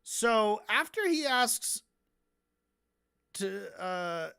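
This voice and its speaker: This streamer's voice sits at an ordinary middle pitch, and the delivery is loose and off the cuff. The host is sarcastic, swears a lot and keeps slipping into mocking impressions of the people being discussed. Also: very animated, very slow, creaky, sharp tone, clear, resonant tone. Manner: sarcastic and heavily profane; mocks people by acting out their lines. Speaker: streamer analyzing debates. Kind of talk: casual stream commentary.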